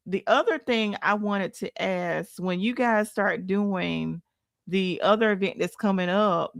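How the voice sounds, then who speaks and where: A woman's voice: mid-range voice, creaky, no room sound, studio quality. A woman hosting a podcast, affirming her guest and reading listener comments aloud. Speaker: podcast host. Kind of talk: casual podcast chat.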